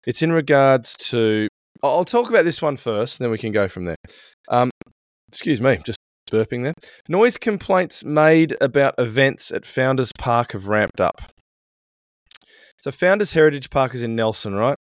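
A man's voice: mid-range voice, lively intonation, moderate pace, dry recording. A middle-aged man co-hosting a podcast in casual chat, swearing a lot as he rants. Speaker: podcast co-host.

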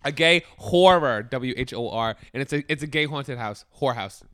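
A man's voice: mid-range voice, lively intonation, moderate pace, fairly bright tone, dry recording, studio quality. A young man co-hosting a casual podcast chat, joking crudely and reading listener stories aloud. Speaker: podcast co-host.

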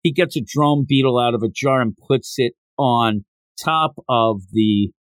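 A man on a manga review podcast he co-hosts recounts a story in an animated, casual way, voicing characters' quotes at a higher pitch. His pace is measured, with no room sound.

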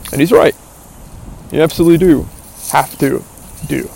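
A man's voice: on the high side, moderate pace, creaky, pauses often, darkish tone, slight background noise. A man giving an earnest, philosophizing monologue, thinking aloud with asides and fillers. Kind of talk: reflective motivational monologue.

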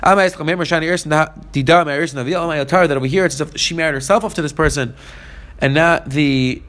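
A man's voice: a little high, fast, a bit bright. A man teaching a Talmud page, reading the Aramaic text and explaining it in English. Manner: reads Aramaic lines then explains in English. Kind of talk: fast Talmud study lesson.

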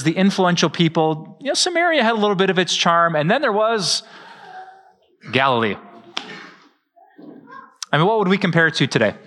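A middle-aged man, preaching a sermon as pastor in a lively, joking way. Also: a little high. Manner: lively, joking, with frequent laughs.

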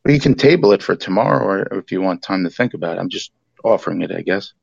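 Deep gravelly caller, dry muffled line. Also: male voice, expressive, no room sound. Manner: hushed, laid-back, halting. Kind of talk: casual call-in chat.

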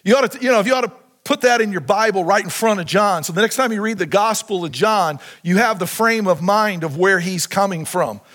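A pastor preaching a sermon in a high, lifted voice. He keeps turning to the congregation with questions and prompts. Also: a little fast, hardly any pauses, a bit bright. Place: church sanctuary.

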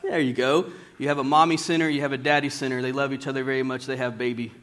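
A man preaching a sermon in a church, plain-spoken and folksy, slowing down whenever he reads scripture aloud. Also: medium pitch, fairly even intonation, fairly bright tone.

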